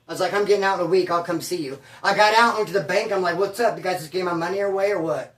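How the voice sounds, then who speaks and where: A man casually telling a long story in slangy, animated speech, acting out what others said. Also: high-pitched, racing, roomy sound, distant mic. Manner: animated, slangy, acts out quotes. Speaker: guest telling his story.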